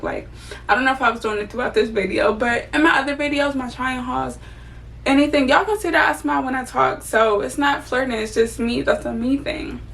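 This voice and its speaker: A woman's voice: sits high, gravelly, a bit bright, far from the mic, a little hiss or hum. A young woman venting candidly and casually to her viewers as she does her makeup, swearing freely. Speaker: vlogger. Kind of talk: casual get-ready-with-me venting.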